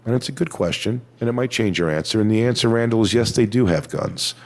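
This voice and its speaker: A man performing a stand-up comedy set on stage, telling crude, swaggering stories and sometimes mocking people in high put-on voices. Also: fast talker. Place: comedy stage before a live audience.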